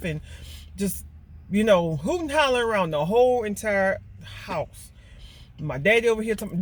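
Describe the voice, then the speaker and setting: A woman's voice: medium pitch, animated, brisk. A middle-aged woman, telling a story to her vlog viewers in a casual, emotional way, often repeating herself and stumbling over words. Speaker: vlogger mom.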